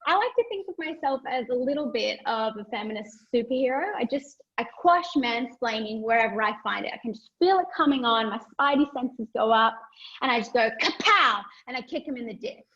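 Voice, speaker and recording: A high-pitched Australian woman works through a stand-up set with self-mocking, playful jokes and little laughs in between. The sound is dull and lo-fi, like a stage set picked up by a modest recorder. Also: expressive, a little fast, a bit bright. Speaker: stand-up comedian.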